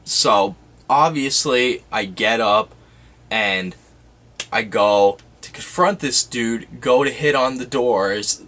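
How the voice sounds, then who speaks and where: A man's voice: medium pitch, sharp tone. A young man telling a story for his vlog in a casual, dramatic way, full of "like" and "you know". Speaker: YouTuber.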